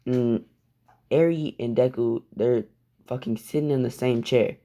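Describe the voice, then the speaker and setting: A man's voice: mid-range voice, steady tone, a little slow, dark tone. Brief: casual male storyteller, rambling, profane, laid-back delivery. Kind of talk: casual fan-fiction storytelling.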